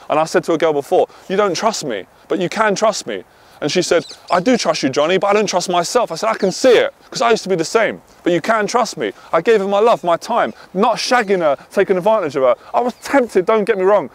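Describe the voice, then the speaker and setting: Passionate man, swings loud and soft. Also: high voice, lively intonation, quick pace. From half Irish. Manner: intense, swears, swings from loud to quiet. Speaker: dating coach. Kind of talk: passionate monologue to camera.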